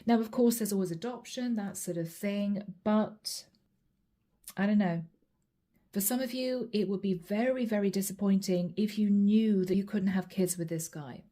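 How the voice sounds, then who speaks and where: Speaking at a moderate pace with a warm, medium-pitched voice, a middle-aged tarot reader channels a reading for the viewer. Her manner is chatty, addressing the viewer directly and calling out every card she pulls.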